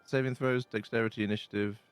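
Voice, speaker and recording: A man's voice: lowish voice, fairly even intonation, quick pace, clean tone, no echo, soft background music. A man playing in a tabletop game, chatting casually and apologizing for his own mistakes. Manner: apologetic, self-deprecating. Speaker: player. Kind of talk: casual chat.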